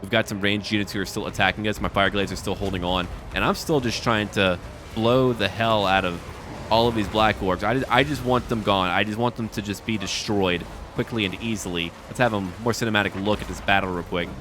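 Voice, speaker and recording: Man, game commentary, excitable, jokey asides, faint battle noise behind. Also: on the low side, fairly quick. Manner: excitable, talks to enemy units and jokes. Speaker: gaming YouTuber. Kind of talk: live gameplay commentary.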